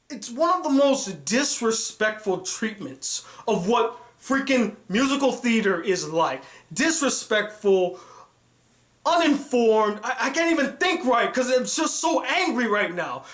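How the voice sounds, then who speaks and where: A man's voice: very high voice, a bit bright, roomy sound. A young man ranting furiously about a film, profane and exasperated, in a vlog review.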